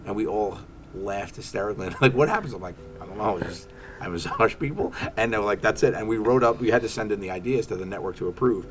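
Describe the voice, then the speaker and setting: A man's voice: fairly low pitch, fast talker, a little hiss or hum. A comedian, chatting in an interview and acting out quotes as he tells stories. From Staten Island. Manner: animated storytelling, acts out quotes. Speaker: comedian guest. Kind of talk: casual interview chat.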